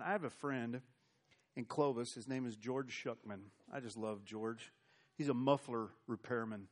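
A man's voice: mid-range voice, normal speed. An American man preaching a sermon, telling Bible stories in a folksy, conversational way. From United States. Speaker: pastor.

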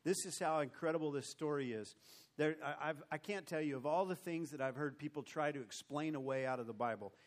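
A man's voice: fairly high pitch, fairly quick. A man preaching a sermon. He reads old scripture aloud, then comments on it with emotion and emphasis.

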